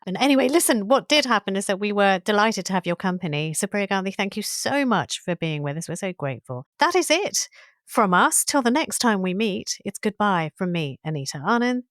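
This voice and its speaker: A woman hosting a history podcast, telling stories in an animated, theatrical way. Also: mid-range voice, a little fast, no room sound, clean studio sound. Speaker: podcast host.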